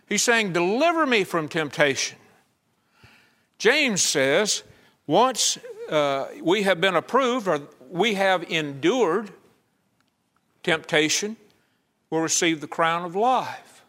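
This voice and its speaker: A man's voice: high voice, animated, slow pace, long pauses, bright, forceful tone. A man preaching a conversational sermon at a church service, acting out the voices he quotes.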